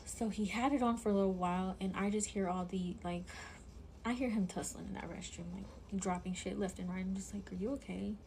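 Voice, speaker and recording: A woman's voice: mid-range voice, steady tone, fairly quick, darkish tone, slight background noise. A woman telling a personal story in casual chat, full of fillers, often dropping to a whisper when she quotes someone. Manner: chatty, full of "like", drops to a whisper when quoting.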